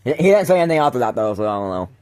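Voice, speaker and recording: A man's voice: mid-range voice, big pitch swings, rapid-fire, a little mellow. A man hosting a casual podcast chat, rambling with frequent laughs and restarted sentences. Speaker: podcast host.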